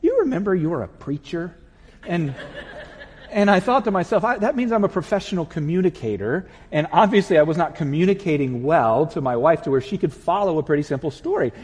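A man preaching a sermon as pastor, telling a personal story in an animated way and acting out the voices in it. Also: on the high side, brisk, breathy edge, in a large hall.

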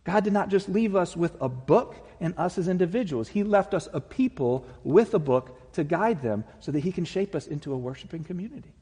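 A man's voice: sits high, lively intonation, fairly quick, few pauses, dark tone, slightly rough. A man preaching a sermon as pastor in a church, earnest and conversational with touches of humor. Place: church sanctuary. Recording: reverberant church hall.

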